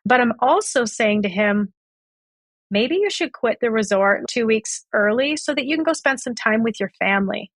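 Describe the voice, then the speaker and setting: A woman with a fairly high, animated voice tells a story at a moderate pace as a podcast guest, recorded dry. She recounts a past relationship, voicing both sides of the conversations.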